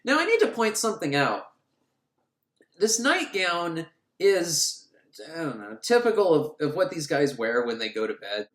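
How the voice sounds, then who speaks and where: A man recapping a film for laughs, crude and sarcastic, acting out the characters in shrill voices. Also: big pitch swings, a little slow, fairly bright tone. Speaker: podcast host recapping a film. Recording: echoey room.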